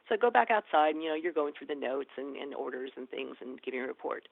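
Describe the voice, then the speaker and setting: A woman, an experienced ER nurse and educator, telling stories in a lively conversational interview and acting out the dialogue. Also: sits low, fast, gravelly, hardly any pauses, dry recording. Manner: lively, animated storyteller acting out quoted dialogue. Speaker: ER nurse and educator, podcast guest. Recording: tinny phone-like line, dry.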